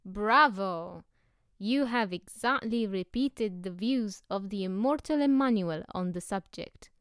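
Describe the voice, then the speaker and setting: A woman voicing a polite, eccentric foreign man who speaks in drawn-out, squeaky exclamations in an audiobook reading. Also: lively intonation, fairly bright tone, clean tone, dry recording, clean studio sound. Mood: delighted. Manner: effusive and overly polite.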